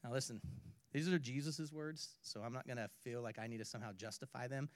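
A man preaching a sermon, swinging from hushed to loud and back, with playful asides. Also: medium pitch, steady tone, brisk, no room sound. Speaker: pastor.

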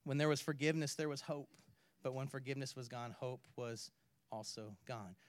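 A man preaching a sermon, swinging from hushed to loud and back, with playful asides. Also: medium pitch, flat delivery, moderate pace, no echo. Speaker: pastor.

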